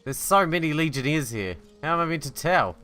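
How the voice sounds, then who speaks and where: A man's voice: a little high, lively intonation, fairly quick, pushed and bright, soft background music. A man giving casual, profane, joking commentary while playing a video game. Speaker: gaming channel host.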